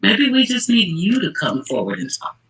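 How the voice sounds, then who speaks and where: A man hosting a channel covers a true-crime case casually but with heat, emphatically calling out the people involved. His high, fairly bright, slightly rough voice swings hugely in pitch at a moderate pace. It's a rough recording.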